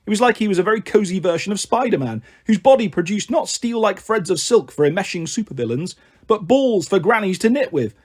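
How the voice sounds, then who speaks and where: A man reading a children's novel aloud, lively and acting out the characters. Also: sits high, fairly quick, husky. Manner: lively, acts out every character with shifting voices. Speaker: storyteller.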